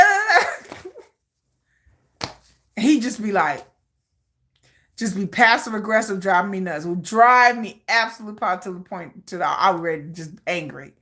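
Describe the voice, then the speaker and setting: A woman hosting a livestream in casual chat, rambling and animated and laughing often. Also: mid-range voice. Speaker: livestream host.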